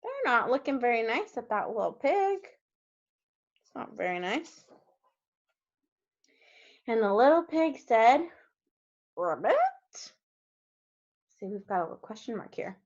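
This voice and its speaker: A woman, a kindergarten teacher, reading a storybook aloud to young children and gently asking them questions along the way. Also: fairly high pitch, very animated, normal speed, pauses often. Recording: dull lo-fi recording.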